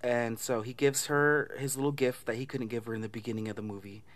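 A man's voice: mid-range voice, fairly even intonation, a little fast. A man casually retelling a movie plot, chatty and laughing often, swearing and mimicking lines from the film. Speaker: movie recap vlogger.

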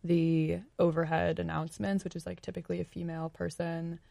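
Gravelly, rambling young woman chatting. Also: fairly low pitch, flat delivery, fairly quick, dark tone, no echo. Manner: rambling, searching for words, many "like"s. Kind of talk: casual chat.

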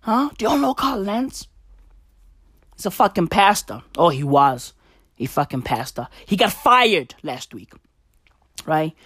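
A woman's voice: lowish voice, very animated, measured pace, pauses often, breathy edge, no room sound, studio quality. Rambling, profane woman comic. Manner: rambling, profane, bursts into shouts. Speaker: comedian. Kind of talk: profane stand-up monologue.

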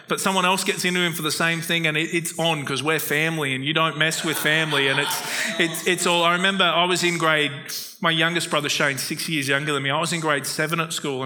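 A man preaching a sermon in an easy, conversational way and weaving in earnest personal stories. His voice is very bright and sharp-edged. It also sits a little higher than most men's. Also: low-quality recording. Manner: earnest, storytelling, warm-hearted anecdotes. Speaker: pastor.

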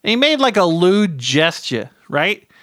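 A man's voice: high voice, big pitch swings, measured pace, a bit bright, dry recording, studio quality. A middle-aged man telling a rambling comic story as a podcast guest, stumbling over repeated words and tagging his lines with "right?".

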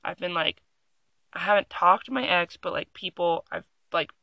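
With a medium-pitched, gravelly voice that sounds pushed and bright, a young adult vlogger reads an article aloud at a moderate pace. Speaking into a phone in a room at home, they riff with sarcastic, giggly, rambling reaction commentary. There's no echo.

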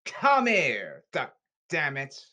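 A man scolds and demands in a repetitive rant, stumbling and restarting his words. His voice sits a little high for a man and swings widely in pitch. He speaks slowly and drags out his words. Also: huge pitch swings, pushed and bright. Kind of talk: angry rant at the camera.

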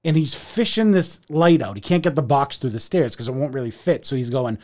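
A man telling a story in casual chat, animated and profane, acting out the people in it. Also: fairly quick. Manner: animated, profane, acts out voices with big pitch jumps. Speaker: podcast co-host telling a story.

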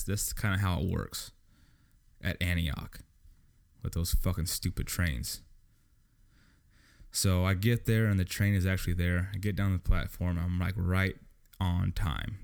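A young man with a low-pitched voice tells a story on his solo podcast. His voice has plenty of vocal fry, and he swears constantly and sounds exasperated as he vents. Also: darkish tone. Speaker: podcast host. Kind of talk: casual solo podcast rant.

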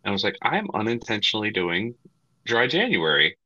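A man in his thirties, co-hosting a casual late-night podcast chat and acting out quotes with big jumps in pitch. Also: very animated, brisk, bright, forceful tone, no room sound, dull audio. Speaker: podcast co-host.

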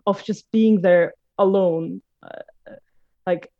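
A woman's voice: medium pitch, fairly even intonation, takes it slowly. A woman in her late twenties telling a personal story in casual conversation, hesitant, with many fillers and restarts. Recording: dull lo-fi recording.

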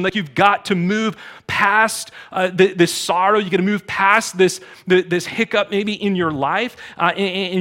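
A man preaching a sermon in a conversational way, dropping to quiet asides and rising to loud exhortations. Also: high-pitched. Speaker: pastor.

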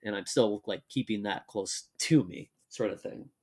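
A young man co-hosting a casual chat, joking and laughing often, and reading text aloud at a measured pace. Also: fairly low pitch, a little mellow, breathy edge. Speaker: podcast co-host.

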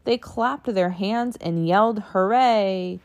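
A woman reading a children's picture book aloud in an expressive sing-song way, adding little sound effects. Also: mid-range voice, takes it slowly.

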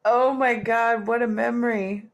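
A woman's voice: a little high, steady tone. A woman co-hosting a casual chat, reacting to a story with exclamations and short quips. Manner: reacts with gasps and laughs, drawn-out.

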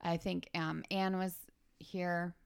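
A middle-aged woman, a mother, telling a family story in casual chat, animated and laughing often. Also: lowish voice, slow, creaky, clear, resonant tone.

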